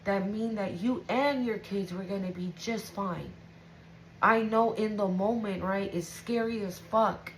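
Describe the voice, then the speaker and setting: Slow, profane woman tarot reader. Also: mid-range voice, slight background noise, low-quality recording. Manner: casual, profane, emotional, keeps asking "right?". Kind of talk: intuitive tarot reading to viewers.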